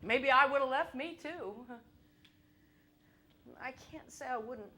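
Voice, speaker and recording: A woman's voice: high voice, bright, forceful tone. A middle-aged woman performing an autobiographical stage monologue, telling her story with wry, irreverent humor and crude asides, and briefly acting out her own past voice. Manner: acts out her own past voice in quick bursts. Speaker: solo show performer. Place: theater stage.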